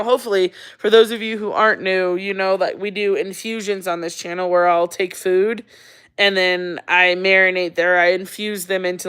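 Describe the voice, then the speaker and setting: A woman's voice: medium pitch, fairly bright tone, smooth. A woman in her thirties hosting a casual livestream, chatting and laughing as she reads viewer comments aloud. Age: 30s. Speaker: livestream host.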